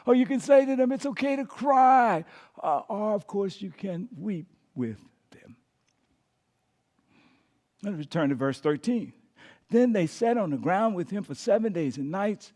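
Preaching as pastor, this man speaks at normal speed in a high-pitched, expressive voice. He is emphatic but sinks to a whisper on key words and gets the listeners to repeat after him.

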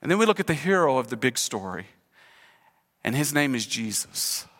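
A male pastor preaching a sermon to a congregation in a church, animated and acting out quoted speech, leading the room in call-and-response. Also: mid-range voice, moderate pace. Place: church sanctuary. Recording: long hall reverb in church.

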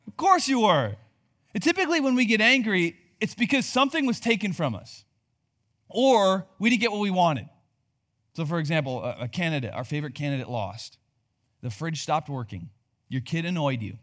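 Young male pastor, slightly high voice, conversational and humorous sermon delivery. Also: fairly quick. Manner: conversational, joking, animated delivery with rhetorical questions.

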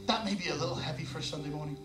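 Male pastor, animated sermon storytelling, roomy church sound, mic set back. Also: on the high side, rapid-fire, far from the mic, over music.

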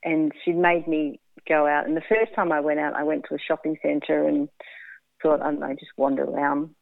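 A woman telling a hard personal story in an interview, frank and blunt, halting with fillers and restarts. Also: deep voice, steady tone, creaky, no room sound. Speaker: interview guest. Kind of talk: candid emotional storytelling. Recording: phone-like dry line.

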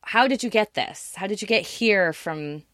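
A woman's voice: medium pitch, expressive, moderate pace, a bit bright, dry recording, studio quality. A woman co-hosting a casual film review chat, talking bluntly with exasperated asides.

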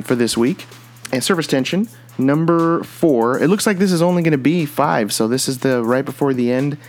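A man hosting a comic book podcast, talking through his picks in an enthusiastic, rambling way with lots of restarts. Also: mid-range voice. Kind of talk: casual comic review monologue.

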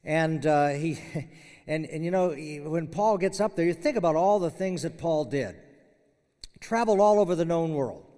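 A man's voice: fairly high pitch, mellow. Older man preaching in a reverberant chapel. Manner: conversational, halting with fillers and restarts, chuckles. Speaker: retiring professor giving chapel message. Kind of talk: farewell chapel sermon. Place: university chapel hall. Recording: long hall reverb.

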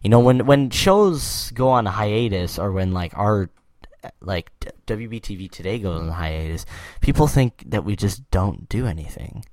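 A young man with a very deep voice chats on his podcast, drifting off topic and laughing at his own jokes. The sound is dry and close, with no room around it. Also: lively intonation, normal speed, darkish tone, no room sound. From Canada. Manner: rambling, jokey, laughs often. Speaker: podcast host. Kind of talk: casual podcast chat.

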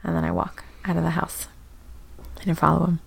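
A woman's voice: on the low side, level tone, a little fast, vocal fry, husky. A woman playing a tabletop game, thoughtfully describing her character's actions. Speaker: player.

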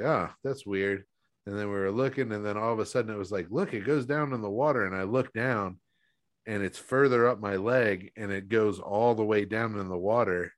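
A young man with a somewhat low voice chats casually and sleepily, rambling through a story with casual swearing. The recording is dry and close. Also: dry recording. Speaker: podcast co-host. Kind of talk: casual chat.

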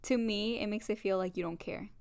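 A young woman co-hosting a podcast, talking in a relaxed, chatty way with a lot of "like" in a casual couple chat. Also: mid-range voice, a little fast. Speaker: podcast co-host.

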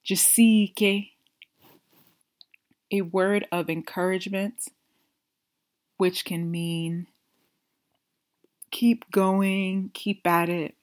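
A woman teaching a podcast language lesson, saying each phrase twice slowly and deliberately before explaining it. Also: medium pitch, level tone.

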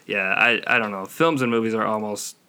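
A man's voice: lowish voice, a little fast, bright, forceful tone, clean tone. A man in his twenties co-hosting a podcast, chatting casually, swearing freely and mocking other people's speech. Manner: swears freely, mocks accents in put-on voices. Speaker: podcast co-host. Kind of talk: casual chat.

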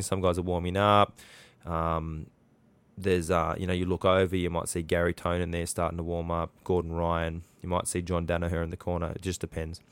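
A man's voice: low voice, smooth, dry recording. An Australian man hosting a podcast, telling a story in a chatty, rambling way with lots of fillers and restarts. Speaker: podcast host. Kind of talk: casual storytelling.

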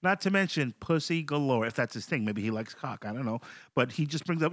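Give me a man doing loose, profane comedy banter with a lively, bouncing pitch. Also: brisk, no room sound, studio quality. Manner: profane, animated riffing. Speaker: comedian guest. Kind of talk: casual comedy podcast banter.

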